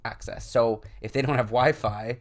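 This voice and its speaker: A man's voice: mid-range voice, moderate pace. A young man co-hosting a podcast in casual chat, talking loosely with lots of fillers and frequent laughs. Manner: laughs often, filler-heavy, animated. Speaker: podcast co-host.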